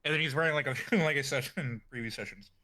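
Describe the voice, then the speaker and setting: A man's voice: medium pitch, fast, sharp tone. A man playing a tabletop game who describes his character in a rambling way full of fillers. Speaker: player. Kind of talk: casual in-character play.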